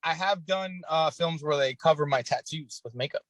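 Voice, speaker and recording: A man's voice: on the high side, normal speed, a bit bright, dry recording, low-quality recording. Laid-back, cussing man in his forties. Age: 40s. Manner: laid-back, swears freely, laughs often. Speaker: guest, actor. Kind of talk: casual podcast chat.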